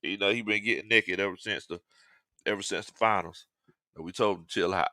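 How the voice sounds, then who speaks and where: A man's voice: fairly low pitch, brisk, bright, forceful tone, no room sound, clean studio sound. A man hosting a casual sports talk stream, joking, laughing often and reading fan comments. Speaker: sports talk show host.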